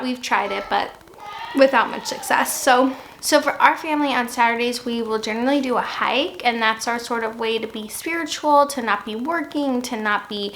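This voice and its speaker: Thirtysomething mom vlogging at home, chatty, kinda high voice, lots of um and like. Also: female voice, fairly bright tone, a little hiss or hum, rough recording. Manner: chatty and upbeat, laughing, with fillers like "um" and "like". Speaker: vlogger and mother. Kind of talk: casual home vlog. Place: home, at a family dinner table and then in a quiet office.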